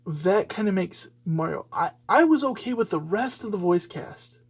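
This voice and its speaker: A man's voice: high voice, expressive, moderate pace, husky. A man hosting a solo podcast, giving rambling, opinionated commentary full of fillers and restarts. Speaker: podcast host.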